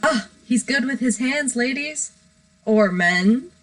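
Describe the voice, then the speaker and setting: A woman's voice: a little high, animated, slow, rough recording. A woman hosting a casual live stream from her bedroom, rambling, giggly and self-deprecating. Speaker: livestream host.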